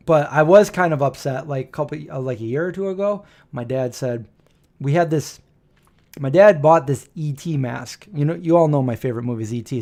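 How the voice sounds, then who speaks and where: Slightly high-voiced man telling stories. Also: a little mellow. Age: 40s. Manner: anecdotal, acts out quoted dialogue. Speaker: live stream host. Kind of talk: rambling live stream chat.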